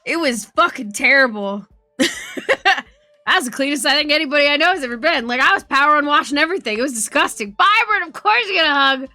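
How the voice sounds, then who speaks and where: A woman's voice: sits high, animated, brisk, pushed and bright, no echo, soft background music. A woman streamer telling a story in casual chat, swearing often and laughing as she goes.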